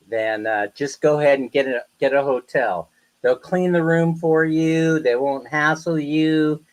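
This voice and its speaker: A man hosting a live stream, rambling through animated stories in casual chat with viewers. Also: on the high side, rough recording. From United States. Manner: rambling, animated, chatty storytelling. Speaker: livestream host.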